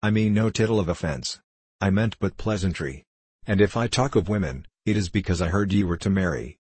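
Low, husky man reading a gentle runaway youth in an old storybook, pleading and archaic. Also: animated, brisk, no echo. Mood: earnest. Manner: pleading, old-fashioned speech. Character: timid gentle youth on the run, pious.

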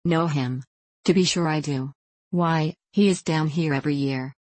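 A bluff middle-aged country squire, as a woman narrator reads him, hearty and blunt. His voice sits low. The sound is dry and close. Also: moderate pace, a little mellow, dry recording. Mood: jovial.

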